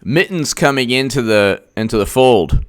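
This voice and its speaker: A man's voice: medium pitch, expressive, normal speed, no echo, studio quality. A man hosting casual livestream commentary, sarcastic and mocking, who laughs often and answers viewers' chat. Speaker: political commentator, host.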